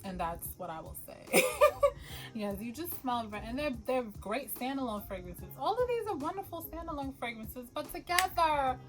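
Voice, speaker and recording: A woman's voice: sits high, normal speed, soft background music, rough recording. Chatty woman fragrance vlogger, laughing often. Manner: animated, laughs often, chatty, says y'all. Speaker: perfume vlogger. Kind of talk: casual chat to camera.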